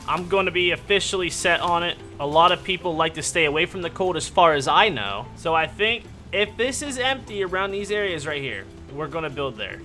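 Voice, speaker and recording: Bright-voiced joking gamer man. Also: fairly high pitch. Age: adult. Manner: joking, rambling, yelps when startled. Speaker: gaming YouTuber. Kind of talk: casual gaming commentary.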